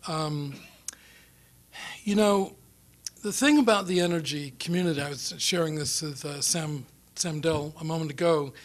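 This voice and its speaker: Rambling New Zealand man telling anecdotes. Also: on the high side. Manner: rambling anecdotal storyteller, self-deprecating, laughs often. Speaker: guest speaker. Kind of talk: after-dinner foreign policy talk. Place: lecture room or dinner venue.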